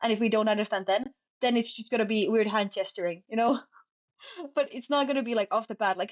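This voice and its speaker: Fast-talking Finnish-accented young woman. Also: fairly high pitch. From Finland. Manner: fast, sloppy talker who stumbles over words. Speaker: streamer. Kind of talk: casual chat.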